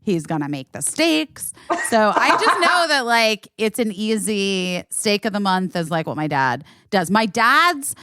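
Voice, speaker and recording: A woman's voice: medium pitch, very animated, a little slow, few pauses, sharp tone, smooth, no room sound. Chatty woman podcast host, dry mic. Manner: chatty, laughs often, many fillers. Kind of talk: casual chat.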